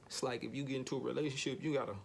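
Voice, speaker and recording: A man vlogging a casual motivational monologue, slangy and repetitive, sometimes jumping up into a higher, animated voice. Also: racing, creaky, a little hiss or hum.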